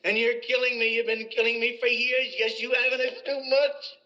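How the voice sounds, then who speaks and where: An actor playing a desperate young ballplayer son, strained and pleading. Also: male voice, extremely high pitch, little pitch movement, moderate pace, bright, forceful tone. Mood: anguished. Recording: dull lo-fi film sound.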